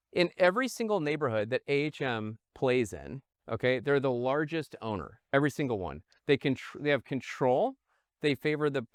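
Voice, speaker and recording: A man from the Midwest giving an energetic investment presentation, often checking in with listeners and calling them "guys". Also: medium pitch, no echo, clean studio sound. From Midwest United States. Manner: animated, punctuates with "okay?", addresses viewers as "guys". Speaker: real estate investor pitching a fund.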